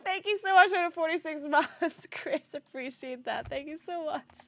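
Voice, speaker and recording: A woman's voice: sits high, moderate pace, no room sound. A woman streaming live, chatting casually with her viewers, laughing often and swearing. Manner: laughing helplessly, swearing, talking to chat.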